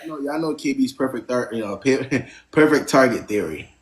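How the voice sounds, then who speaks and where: A man's voice: medium pitch, a little fast. A man hosting a live stream, giving blunt relationship advice and driving his points home with "right?".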